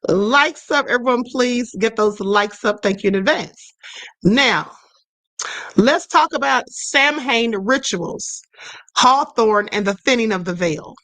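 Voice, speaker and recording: A woman's voice: on the high side, animated, unhurried, a bit bright, no echo. A woman hosting a spirituality live stream, explaining at a conversational pace, reading viewer comments aloud and often checking in with "okay".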